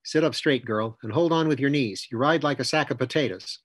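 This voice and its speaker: Storybook critter: man voicing a curt, scolding squirrel fay, husky voice. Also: mid-range voice, a bit bright, no echo. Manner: brisk, scolding, quick. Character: bossy gruff male squirrel fay.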